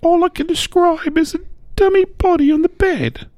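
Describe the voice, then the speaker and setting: A man doing a shaken woman in falsetto. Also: normal speed, a little mellow, no room sound. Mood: horrified. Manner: high falsetto impression. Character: shaken middle-aged woman, high falsetto. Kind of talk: comic podcast impression.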